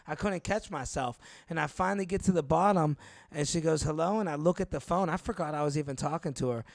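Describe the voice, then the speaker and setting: Brief: male comic, storyteller, gravelly edge, dry close sound. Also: fairly high pitch, fast talker, no room sound. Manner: animated, laughs through his own stories. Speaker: comedian telling stories. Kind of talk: casual storytelling chat.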